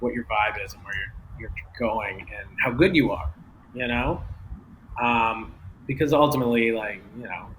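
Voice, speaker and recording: A Canadian man, a comedian, chatting as a guest in a rambling way, full of fillers and quick laughs. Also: mid-range voice, fairly bright tone, slight background noise. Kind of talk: casual interview chat. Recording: echoey room.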